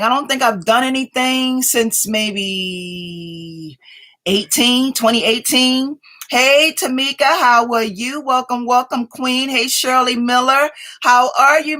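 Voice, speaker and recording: A woman's voice: on the high side, unhurried, sharp tone. A woman hosting a casual craft livestream from home, greeting viewers by name as they join and chatting along, a little sleepy. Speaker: craft channel host.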